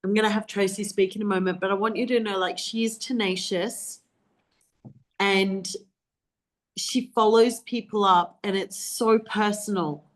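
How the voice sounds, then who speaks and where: A woman's voice: mid-range voice, fairly even intonation, a little slow. Woman, team call host, effusive praise, video call audio. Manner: effusive, warm praise with laughter. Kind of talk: enthusiastic recognition speech on a video call.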